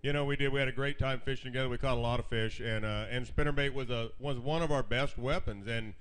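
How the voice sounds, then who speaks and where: Co-host guy ribbing his old fishing buddy, crisp bright voice. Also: mid-range voice, fairly even intonation, fast. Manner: friendly teasing banter. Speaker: show co-host. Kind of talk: casual chat.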